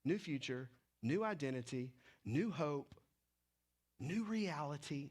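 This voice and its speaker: A man preaching with a notably high voice, moving from urgent, raised lines to quiet, low-pitched passages. His delivery is animated and emphatic throughout the sermon. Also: extremely slow, pauses often. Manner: animated preaching, swings from loud to hushed. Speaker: pastor.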